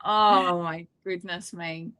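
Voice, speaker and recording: A woman's voice: fairly low pitch, fairly even intonation, takes it slowly, pushed and bright, smooth, dry recording. Chatty Australian woman host, dry sound. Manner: chatty, candid storytelling with mild swearing. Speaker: webinar co-host. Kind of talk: casual live webinar chat.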